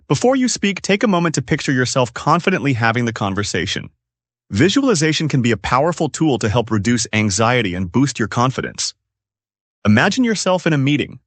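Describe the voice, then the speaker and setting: A man's voice: medium pitch, no echo. A man co-hosting a scripted English-learning podcast, speaking in an upbeat, explanatory way. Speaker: podcast co-host.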